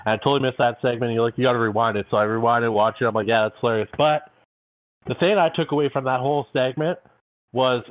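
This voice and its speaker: An excitable man co-hosts a wrestling podcast, talking through a headset and wandering into tangents. His mid-range voice comes through a thin, phone-like line. The sound is dry, with no room echo. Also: medium pitch. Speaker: podcast co-host. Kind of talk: casual wrestling podcast chat.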